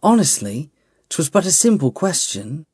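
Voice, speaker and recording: A man voicing a quick-tempered woman dagger fighter with a snappish manner. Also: a little high, very animated, darkish tone, breathy edge, dry recording, studio quality, pitched above the performer's own voice, full character voice.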